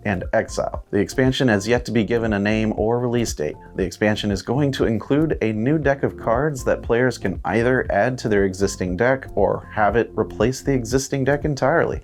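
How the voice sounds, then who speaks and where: A man hosting a board game news roundup, reading a steady script. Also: mid-range voice. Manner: steady read-aloud delivery. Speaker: host.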